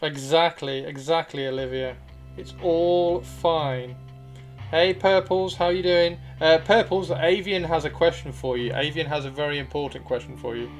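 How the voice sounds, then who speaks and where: A man's voice: a little high, normal speed, soft background music. A man hosting a casual livestream, reading out viewer comments, playful and chatty, swearing freely and repeating himself. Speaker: livestream host.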